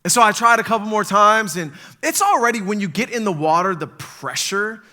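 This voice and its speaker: A man with a high, bright, forceful voice preaches a sermon. He tells stories animatedly, jumping into panicked little quotes as he acts them out. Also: animated, a little fast. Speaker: pastor. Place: church stage.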